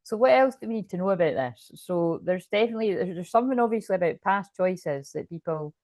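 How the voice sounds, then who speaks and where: A woman's voice: lowish voice, lively intonation, fast talker, darkish tone, no echo. Rambling, swearing woman tarot reader. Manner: rambling, swears freely, many fillers. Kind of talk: casual channeled reading.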